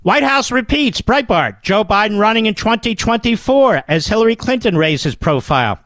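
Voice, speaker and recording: Animated, sarcastic talk radio man. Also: high voice, brisk, hardly any pauses, no room sound, studio quality. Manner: sarcastic, combative, mocking. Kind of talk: political talk radio monologue.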